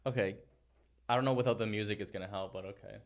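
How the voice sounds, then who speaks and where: A man's voice: lowish voice, fairly even intonation, fast. A man hosting a podcast in casual comedic chat, rambling loosely and laughing often. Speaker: podcast host.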